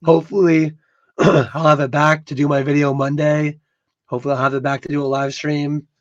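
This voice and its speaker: Hoarse man, halting livestream chat. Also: a little high, little pitch movement, highs cut off. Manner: halting, repeats words. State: hoarse, losing his voice. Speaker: podcast co-host.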